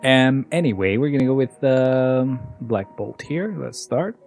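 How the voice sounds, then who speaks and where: A man's voice: mid-range voice, lively intonation, unhurried, darkish tone, faint music behind. A young man from Albania, chatting casually and profanely with viewers while he plays. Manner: rambling, profane, answers chat between moves. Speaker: streamer. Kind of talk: casual gameplay chat with viewers.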